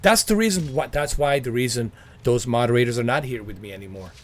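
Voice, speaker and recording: A man's voice: medium pitch, quick pace. A man livestreaming gameplay, ranting in a repetitive, exasperated way and talking straight to his viewers. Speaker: gaming livestreamer. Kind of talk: live gameplay commentary.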